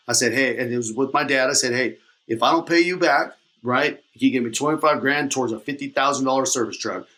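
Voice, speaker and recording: A man in his thirties tells his own story on a podcast at a middle pitch. He talks in a casual, energetic way, rambling and slangy. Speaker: podcast guest, coach.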